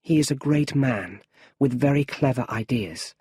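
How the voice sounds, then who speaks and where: A man voicing a stern, mysterious male mentor in an audiobook story, with firm, measured speech. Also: medium pitch, dark tone, breathy edge, no room sound, studio quality.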